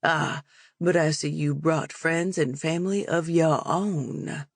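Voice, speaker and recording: A gloating old vampire lord, put on by a woman reading an audiobook, drawing his words out in a slow, taunting sing-song. He drops far lower and quieter than her own reading voice, and the sound stays dry and close to the mic. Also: fairly even intonation, dry recording, heavily acted. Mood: mocking. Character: sinister old male vampire lord, mocking. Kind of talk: audiobook character voice.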